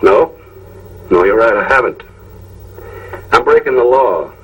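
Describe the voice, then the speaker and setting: An actor playing a determined cop who speaks slowly and threateningly in an old film. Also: male voice, medium pitch, lively intonation, natural voice. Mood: grim. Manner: slow and threatening. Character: grim, determined middle-aged cop. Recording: old film sound, distant mic, faint noise.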